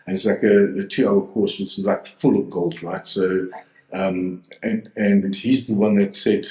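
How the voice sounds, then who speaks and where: A man's voice: low-pitched, steady tone, measured pace, a little mellow. A man in his forties from South Africa, a DJ and producer talking casually as an interview guest, rambling with lots of fillers and restarts over a video call. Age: 40s. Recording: roomy echo.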